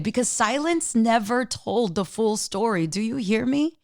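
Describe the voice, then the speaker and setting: A woman's voice: fairly high pitch, animated, measured pace, darkish tone, dry recording, clean studio sound. A woman hosting her own podcast, talking earnestly and emphatically straight to the listener in a motivational solo talk, getting choked up with emotion. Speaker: podcast host.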